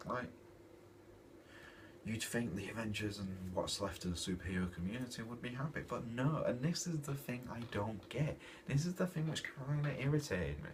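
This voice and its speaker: A deep-voiced man rants through a comic review in an animated, exasperated way. He sits back from the mic, and a clear hiss of noise runs under his voice. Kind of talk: casual comic review rant. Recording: distant mic with noisy background.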